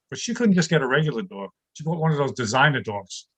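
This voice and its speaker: An older man doing a stand-up comedy routine over a video call, delivering deadpan one-liners about his home life. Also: medium pitch, quick pace, slightly rough, low-quality recording.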